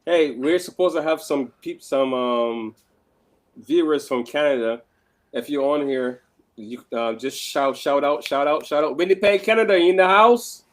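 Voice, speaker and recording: A man's voice: on the high side, unhurried. A man co-hosting a live podcast, joking and teasing, often stumbling over his words. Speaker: podcast co-host. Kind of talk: casual live podcast chat.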